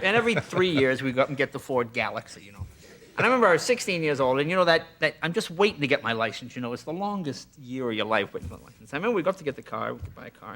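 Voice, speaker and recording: Excitable man telling comic stories. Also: mid-range voice. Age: late 30s. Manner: animated, acts out quoted voices, quick and excitable. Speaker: talk show guest. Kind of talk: comic storytelling on a talk show. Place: TV studio with a live audience. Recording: TV studio audio with hiss and audience.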